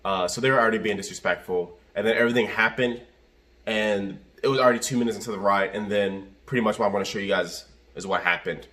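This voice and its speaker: A man with a somewhat low voice tells a story in a casual vlog style. He rambles and circles back, heavy on fillers. He speaks from inside his car. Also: fast talker, bright, forceful tone. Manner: rambling, repeats himself, lots of fillers. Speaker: rideshare driver and vlogger.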